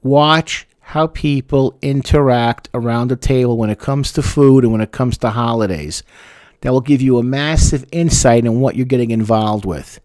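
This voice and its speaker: A man's voice: mid-range voice, moderate pace, darkish tone, dry recording. A male therapist giving frank, sarcastic relationship advice and repeating words for emphasis. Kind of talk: advice talk to camera.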